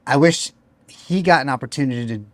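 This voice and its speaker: A man co-hosting a podcast in casual chat, relaxed and profane, often trailing off softly. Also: mid-range voice, brisk, no room sound. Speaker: podcast co-host.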